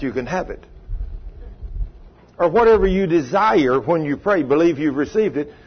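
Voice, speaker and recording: A man's voice: on the high side, husky. An older man, preaching a conversational sermon in a folksy, earnest way and often asking his listeners questions. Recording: dull lo-fi recording.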